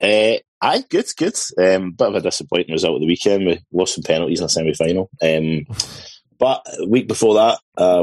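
A man's voice: low-pitched, lively intonation, fairly quick, a little mellow, no room sound, low-quality recording. A Scottish man chatting casually as a podcast panelist, dry and joking. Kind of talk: casual chat.

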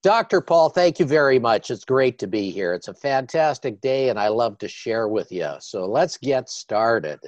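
An older man, a guest on an interview show, telling his story with animated repetition. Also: mid-range voice, moderate pace, hardly any pauses, dry recording, muffled recording.

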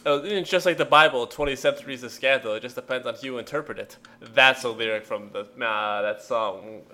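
A man's voice: mid-range voice, fairly quick, sharp tone. A man co-hosting a podcast in casual chat, rambling and joking, trailing off into fillers. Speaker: podcast co-host. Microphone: remote call mic.

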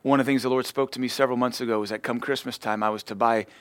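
A male pastor preaching in a folksy, joking way, slipping into little acted quotes. His voice sits at an ordinary middle pitch. The sound is dry and close, with no room echo. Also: steady tone, racing, clean tone. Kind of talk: sermon.

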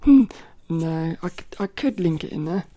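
A woman's voice: low voice, expressive, slight background noise. A woman hosting a casual solo podcast, chatting playfully with many restarts and sometimes reading aloud from a children's book. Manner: chatty and playful, with frequent self-corrections; reads quoted passages louder and slower. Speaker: podcast host.

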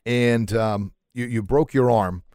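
A man hosting a podcast interview in a small sound room, excitable and quick to laugh, often stumbling over his words. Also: mid-range voice, smooth, dry recording, studio quality. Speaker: podcast host. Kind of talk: casual chat.

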